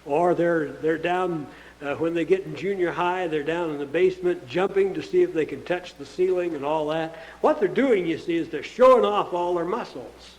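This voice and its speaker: A man with a notably high-pitched voice delivers a sermon as a pastor. He speaks earnestly and plainly, as if chatting with the congregation, and drops in rhetorical questions to keep them with him. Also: moderate pace, rough recording. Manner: conversational preaching with rhetorical questions.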